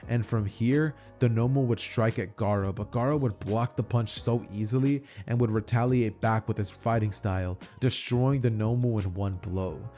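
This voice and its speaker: A man's voice: fairly low pitch, normal speed, hardly any pauses, a little mellow, faint music behind. A man telling an imagined fan story in a loose, run-on way, often restarting his phrases. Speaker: narrator. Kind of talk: casual fan-fiction storytelling.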